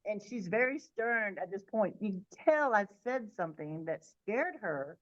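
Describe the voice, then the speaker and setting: Woman guest telling her story all animated, mid-pitched voice, muffled lo-fi audio. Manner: vivid, animated, quick, sometimes restarting. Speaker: guest sharing her near-death experience. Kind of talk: personal storytelling in an interview.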